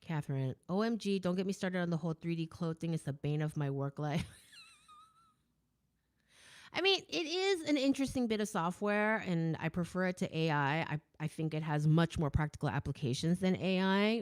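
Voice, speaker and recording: An American woman chats casually as the host of her own show, answering viewer comments. Her voice sits on the low side, and she talks with emphatic, animated asides. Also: normal speed. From United States. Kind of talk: casual chat.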